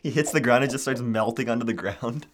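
A young man co-hosting a podcast, chatting casually and telling animated stories full of fillers. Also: mid-range voice, a little fast, a little hiss or hum. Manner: animated storytelling with lots of fillers. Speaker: podcast co-host. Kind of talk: casual chat.

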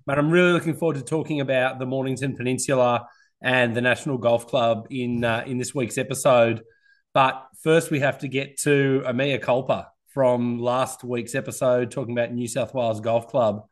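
A man's voice: mid-range voice, steady tone, normal speed. A man in his thirties with an Australian accent hosts a casual podcast chat. He talks in an easy, chatty way and pokes fun at himself. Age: 30s. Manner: self-deprecating, chatty. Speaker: podcast host.

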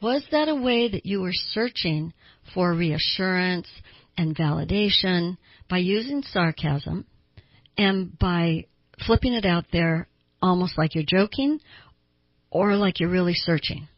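A middle-aged woman hosting a talk radio show, explaining in a chatty way and acting out little quotes in a higher voice. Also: slow, dry recording, dull audio. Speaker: radio talk host and counselor. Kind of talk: conversational talk radio monologue.

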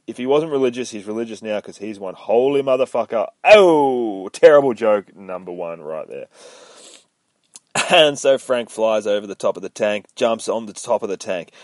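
A man's voice: mid-range voice, normal speed, dry recording, studio quality. A man hosting a podcast, casually recapping a comic book with profane jokes. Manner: profane, joking, lively. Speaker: podcast host.

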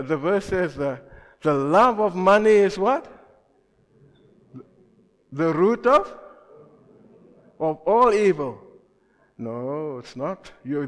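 A man preaching a sermon who keeps asking his congregation questions and swings between loud emphasis and quiet asides. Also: high voice, in a large hall. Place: church.

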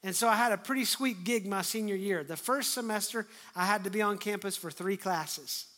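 A fairly high voice carries this middle-aged pastor's sermon, delivered a little fast. He performs scripture dialogue expressively, sinks into a hush, then rises again to loud, emphatic declarations.

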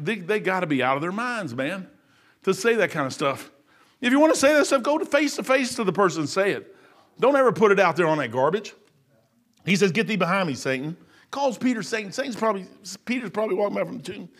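A man preaching a folksy, animated sermon, acting out voices and laughing as he goes. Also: sits high. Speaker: lay preacher.

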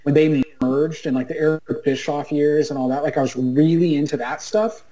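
Mellow-voiced man chatting on a video call. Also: a little high, normal speed, poor audio. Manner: rambling, with many restarts and fillers. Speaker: guest, writer. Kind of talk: casual chat.

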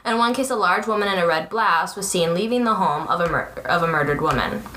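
A woman's voice: lowish voice, a little fast, bright, forceful tone. Young woman, chatty podcast co-host, giggles while reading a case, stumbles on words, echoey room, faint hiss. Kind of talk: casual true-crime chat, reading aloud.

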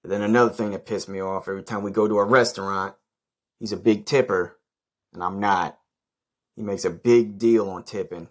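A man's voice: lowish voice, fairly even intonation, a little fast. A man hosting a podcast, telling a rambling story in a blunt, profane, casual way. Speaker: podcast host.

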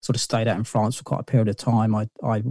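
A man's voice: lowish voice, flat delivery, fast talker, mellow, dry recording, studio quality. A middle-aged man, a podcast guest telling long stories in a rambling way, full of fillers and restarts. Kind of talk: casual interview storytelling.

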